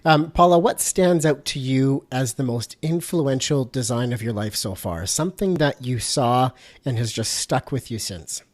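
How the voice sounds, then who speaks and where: A man's voice: mid-range voice, normal speed. A man hosting a design podcast, asking questions and reacting with enthusiasm. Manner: enthusiastic, encouraging. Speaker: podcast host. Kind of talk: casual interview.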